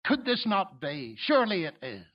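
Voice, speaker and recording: A man with a high voice preaches a sermon in an emphatic, swelling way. The recording is dull and lo-fi. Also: very animated, moderate pace. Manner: emphatic, swelling to loud exclamations.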